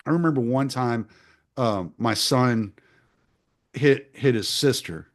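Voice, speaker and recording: A middle-aged man hosting a podcast, telling stories in blunt, profane casual talk that gets animated. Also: mid-range voice, slow pace. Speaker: podcast host. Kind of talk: casual conversational storytelling.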